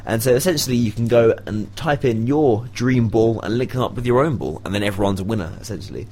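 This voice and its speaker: A man's voice: mid-range voice, fast, warm tone, slight background noise. A man hosting a casual radio show, chatty and laughing often, with rambling asides. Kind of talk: casual student radio chat.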